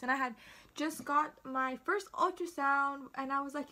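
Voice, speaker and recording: A woman's voice: high voice, fairly even intonation, moderate pace, sharp tone. A teenage girl telling her own story casually to her phone camera, chatty and dramatic, acting out her family's lines. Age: teens. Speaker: vlogger.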